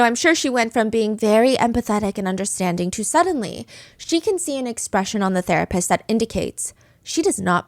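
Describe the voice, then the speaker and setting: A woman's voice: mid-range voice, no echo, clean studio sound. A woman hosting a true crime podcast, retelling a case in a chatty, dramatic way with casual asides. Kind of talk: casual storytelling.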